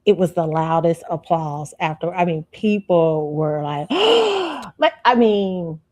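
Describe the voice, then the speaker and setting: A woman host with a lowish voice, chatting through a personal story. She talks in a lively, animated way and keeps turning to her listeners as y'all. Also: measured pace. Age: adult student. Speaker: show host. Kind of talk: casual storytelling commentary.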